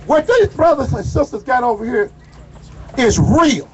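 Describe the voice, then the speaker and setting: High-pitched man shouting at a rally. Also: expressive, a little slow. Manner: fiery, preacherly, calls out to the crowd. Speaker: rally speaker. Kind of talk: shouted street rally speech. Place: outdoor protest march. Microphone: phone recording from the crowd. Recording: muffled phone recording outdoors.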